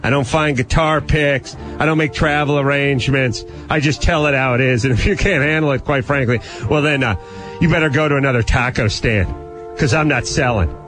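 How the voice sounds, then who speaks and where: A man's voice: medium pitch, fairly quick, music in the background, close to an everyday voice. A man playing a pompous, blunt male radio advice host who boasts that he tells it how it is and rattles off long lists of what he is not. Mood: boastful. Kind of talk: comedy character bit with callers.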